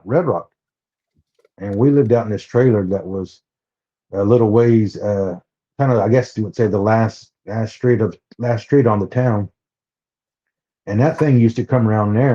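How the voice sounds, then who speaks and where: Man, from Oklahoma, podcast guest, personal storytelling, halting with repeated words, warm tone, muffled lo-fi audio. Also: lowish voice. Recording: dull lo-fi sound.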